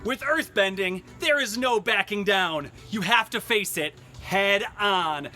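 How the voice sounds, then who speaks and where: A man voicing a tough, blunt young girl who is an earthbending master, gruff and bossy, shouting at her pupils. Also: high voice, slow pace, faint music behind, exaggerated voice.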